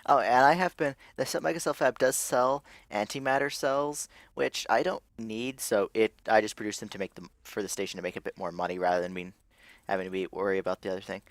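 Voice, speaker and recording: A man's voice: fairly low pitch, steady tone, fairly quick, no echo. A young man giving casual, rambling let's-play commentary as a gaming video host, thinking aloud and restarting his sentences.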